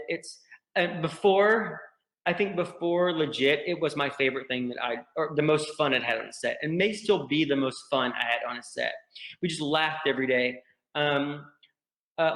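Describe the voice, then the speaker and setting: A man's voice: on the high side, a bit bright. A man with a Southern US accent answering fan questions on a virtual panel, candid and joking, rambling with many restarts. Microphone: computer mic on a video call. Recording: roomy, echoey room sound.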